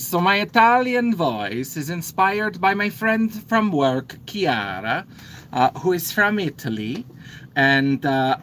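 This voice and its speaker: A man's voice: a little high, fairly bright tone, slight background noise. A man, a drag performer, chatting casually on a livestream while doing his makeup, rambling with lots of fillers and trailing off as he works. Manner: talks while busy with makeup, pausing and trailing off. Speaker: drag performer getting ready for a show.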